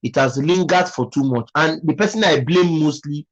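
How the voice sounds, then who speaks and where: A man's voice: on the high side, moderate pace, dull audio. A man with a Nigerian accent hosting a casual live stream, musing aloud and thanking viewers by name.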